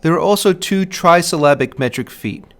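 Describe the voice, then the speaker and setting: A man teaching from a script narrates a literature lesson, his voice a little high and a bit bright. He speaks clearly and steadily, sounding out stress patterns as he goes.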